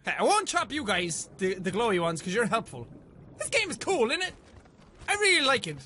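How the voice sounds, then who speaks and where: Excitable young male gamer, very high bright voice, swears a lot, talks to the game. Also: a little fast, slight background noise. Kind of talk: let's play commentary.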